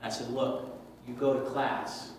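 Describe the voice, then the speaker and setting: A man's voice: mid-range voice, level tone, measured pace. A man leading a church Bible class, emphatic and preacherly, asking the class questions. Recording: echoey room from far off, faint noise.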